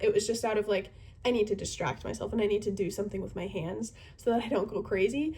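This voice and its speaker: A woman in her twenties, a youth group leader, chatting casually and earnestly to camera, with many fillers and thoughtful pauses. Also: fairly high pitch, darkish tone, husky. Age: 20s.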